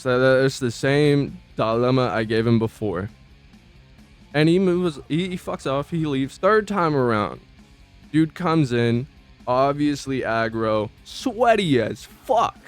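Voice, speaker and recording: A man's voice: medium pitch, lively intonation, takes it slowly. A man casually telling stories from his old job, slangy and profane, stumbling over restarts. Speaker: vlogger recounting old job. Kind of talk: casual storytelling. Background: faint background music.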